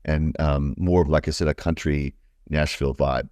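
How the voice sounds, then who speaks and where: A man from New York with a deep baritone voice talks about music as an interview guest. He rambles with lots of fillers and enthusiasm. The sound is dry and close. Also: fairly even intonation, moderate pace, darkish tone, dry recording. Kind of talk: casual interview chat.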